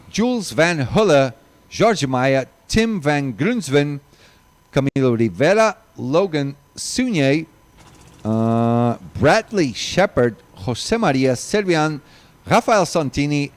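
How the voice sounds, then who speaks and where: A man commentating live kart races, reading long lists of drivers and chatting to viewers, running out of breath. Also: mid-range voice. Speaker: race commentator.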